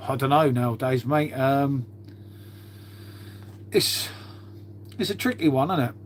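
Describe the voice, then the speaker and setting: Slow and medium-pitched, this middle-aged man chats casually with his live-stream audience while tidying, thinking out loud as he goes. Everyone gets called mate in his easygoing ramble. Slight background noise sits under his voice.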